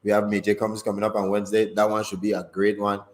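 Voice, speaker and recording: A man co-hosts a live-streamed talk show. His voice sits a little low and his talk is loose and joking. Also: monotone, fast talker. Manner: laid-back, joking, sign-off speech. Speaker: podcast co-host. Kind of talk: casual live-stream chat.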